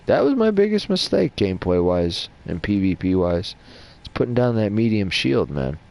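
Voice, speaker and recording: A man's voice: lowish voice, big pitch swings, normal speed, vocal fry, a little mellow. A man casually rambling and swearing as he talks through game lore over his gameplay. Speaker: gaming channel host.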